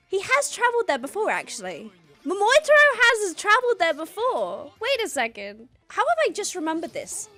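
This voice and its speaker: A woman's voice: very high voice, wildly swooping pitch, moderate pace, sharp tone, soft background music. A woman hosting a reaction video, exclaiming, gasping and laughing as she watches. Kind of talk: excited reaction commentary.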